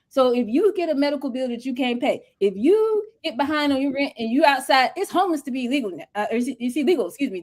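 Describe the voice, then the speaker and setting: Emphatic high-voiced woman on a video call. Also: darkish tone. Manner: emphatic, preachy, colloquial. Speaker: guest mentor and entrepreneur. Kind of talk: livestream interview talk.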